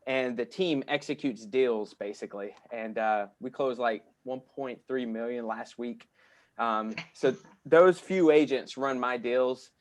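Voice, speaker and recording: A man's voice: medium pitch, unhurried. A man speaking as a guest real estate coach in casual, upbeat talk on a video call, with frequent filler sounds.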